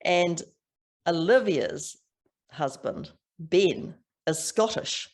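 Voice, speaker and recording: A woman's voice: lowish voice, lively intonation, drawn-out words. An older woman with a strong New Zealand accent, chatting as an author guest in an interview with frequent laughs and restarts. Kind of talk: casual interview chat.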